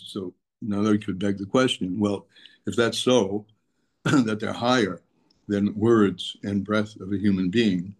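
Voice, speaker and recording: Man, lowish voice, patient teacher glossing pronounced terms in English. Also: steady tone, unhurried. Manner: explanatory, repeats and restates terms, mixes Hebrew terms into English. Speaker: Torah teacher. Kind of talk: daily text lesson.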